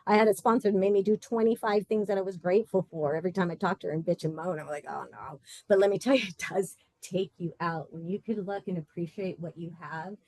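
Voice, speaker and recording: A woman's voice: medium pitch, steady tone, quick pace, few pauses, warm tone, dry recording. A woman leading a support group session in a casual, playful and blunt way, laughing often.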